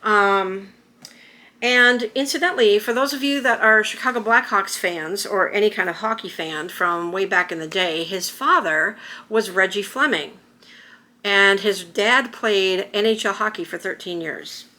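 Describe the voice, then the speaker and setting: A woman's voice: mid-range voice, unhurried, sharp tone. A middle-aged woman vlogging to camera, telling a personal story in a rambling, emotional way with many restarts. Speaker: YouTuber.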